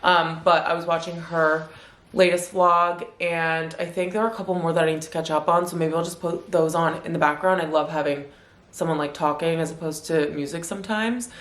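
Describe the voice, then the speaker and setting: A woman's voice: low voice, steady tone, a little fast, a bit bright. A young woman vlogging at home in a casual, rambling way, full of "like" fillers, and she sounds a bit stuffy. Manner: chatty, rambling, lots of "like" fillers. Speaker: lifestyle vlogger. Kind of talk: casual vlog chat to camera. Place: at home in an apartment. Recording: echoey room.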